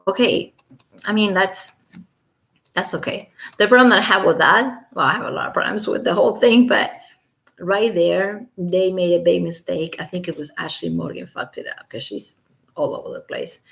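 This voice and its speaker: A Los Angeles resident reads a court filing aloud at home, breaking off into sarcastic, incredulous asides and sometimes dropping to a whisper. Her lowish voice is gravelly yet fairly bright, at a moderate pace.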